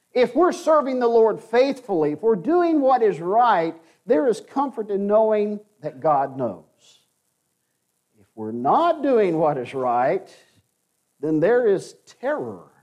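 A man preaching a sermon, earnest and emphatic, slowing down to stress key phrases. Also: high-pitched, darkish tone.

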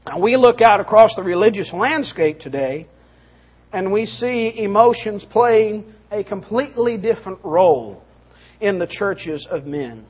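Husky-voiced preacher man, muffled recording. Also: high-pitched. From Texas. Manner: earnest, rising to emphatic and stern. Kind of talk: sermon. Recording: dull muffled sound.

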